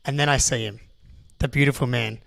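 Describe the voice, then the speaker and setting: A young Australian man, co-host of a podcast, telling a long story in an excitable, rambling way with lots of restarts. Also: mid-range voice, fairly quick, gravelly, dry recording. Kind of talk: casual storytelling.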